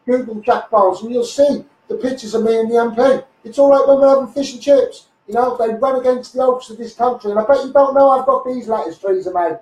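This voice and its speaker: A man with a Liverpool accent, hoarse, ranting combatively on a live stream and calling viewers mate. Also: very high voice, quick pace, hardly any pauses, a little mellow. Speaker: activist livestreamer. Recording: echoey, mic held at a distance.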